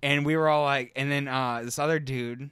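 A man's voice: medium pitch, steady tone, brisk, fairly bright tone, clean tone, dry recording, clean studio sound. Rambling, swearing man telling a story. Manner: profane, rambling, laughs through stories. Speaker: podcast co-host. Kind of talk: casual storytelling chat.

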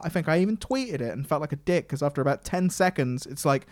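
A man co-hosts a casual podcast chat, ranting, swearing, and mimicking people as he quotes them. His fairly high voice moves a little fast with few pauses, and there's no echo.

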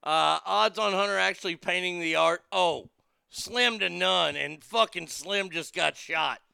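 Brash male talk host, bright smooth voice, dry close sound, profane and mocking. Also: sits high, unhurried, no echo. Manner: brash, profane, laughing at his own jokes; reads news items aloud and riffs on them. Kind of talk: casual political commentary.

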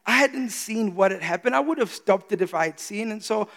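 A man preaching a sermon to a church congregation, passionate and emphatic, dropping to a hushed intensity at times. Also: high-pitched, expressive, fairly quick, big-room sound. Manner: impassioned, swings between loud emphasis and hushed intensity. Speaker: pastor. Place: church service.

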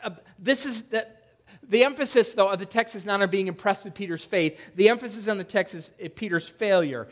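A male pastor preaching a conversational sermon, acting out quoted lines with a raised, louder voice. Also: brisk. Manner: conversational preaching, acts out quoted voices with rising pitch and loudness. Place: church.

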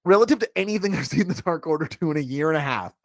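A man's voice: on the high side, animated, very fast, dry recording, clean studio sound. A man co-hosting a casual wrestling chat, rambling and correcting himself as he gives his opinions. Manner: rambling, self-correcting, laughs often. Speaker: wrestling podcast co-host.

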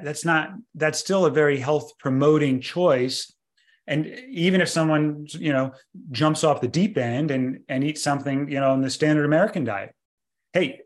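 Calm explaining middle-aged man. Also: a little high. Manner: calm explanatory, slows for guided breathing. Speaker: doctor and co-author. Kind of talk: casual podcast conversation.

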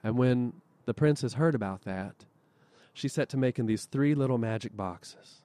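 A male storyteller telling a folk tale live at a festival, lively and expressive, with dramatic pauses. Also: medium pitch, dry recording.

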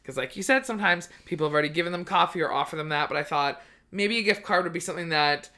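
Woman from bc canada, sarcastic chatty podcast talk, lowish bright voice. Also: animated, racing. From British Columbia, Canada. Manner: chatty and sarcastic, swears freely. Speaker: comedian, podcast co-host. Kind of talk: casual chat.

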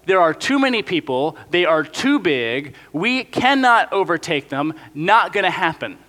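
A man voicing a group of fearful spies who flatly refuse to go on, in a drawled, casual way. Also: on the high side, measured pace, heavily acted. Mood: dismissive. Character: ten fearful spies, dismissive men. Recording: long hall reverb.

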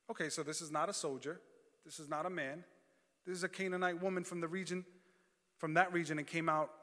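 This sermon begins with scripture read aloud before the man turns to call-and-response with the congregation. His voice is fairly high and fairly bright, echoing with long hall reverb.

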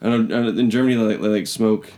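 On a podcast, a young male co-host from British Columbia, Canada, rattles off a meandering, funny camping tale, mimicking the people he ran into. He speaks rapid-fire in a fairly low, mellow voice.

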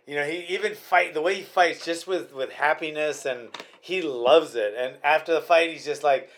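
A man's voice: a little high, normal speed, fairly bright tone. A man chatting casually about fights as a podcast host, rambling and restarting his sentences often.

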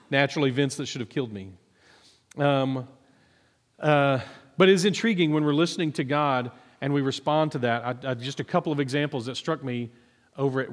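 Guy preaching, casual storytelling w lots of ums, echoey church hall. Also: mid-range voice. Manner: conversational, self-deprecating storytelling with many fillers. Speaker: minister and psychologist. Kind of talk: sermon testimony.

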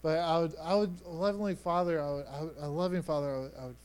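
High-voiced preacher, chatty and halting. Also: male voice, steady tone, clear, resonant tone. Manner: conversational, stammering restarts, swings from hushed to loud. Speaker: pastor. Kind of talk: sermon.

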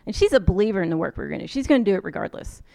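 An American woman in a conversational lecture, telling stories from her travels as a social worker. Her voice sits at an ordinary middle pitch, and she talks easily, slipping into lively voices to quote people. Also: rapid-fire, gravelly. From United States. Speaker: social work professor. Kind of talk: storytelling lecture.

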